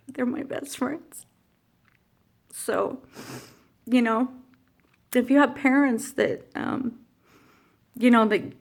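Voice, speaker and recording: Emotional woman vlogger with a gravelly edge. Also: mid-range voice. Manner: emotional, rambling, with many fillers and restarts. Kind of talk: personal story vlog.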